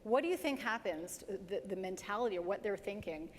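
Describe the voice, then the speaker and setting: A woman giving a live career presentation to an audience, lively and emphatic, speeding up and slowing down to demonstrate points. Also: medium pitch. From Canada. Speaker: presenter at a dental career talk. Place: large hall with an audience. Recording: hall reverb, faint background noise.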